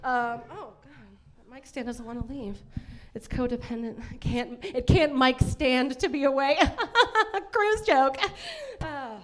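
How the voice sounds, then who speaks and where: A woman's voice: high-pitched, slow pace. A woman performing a bawdy live stand-up set in a comedy club, brash and laughing at her own jokes.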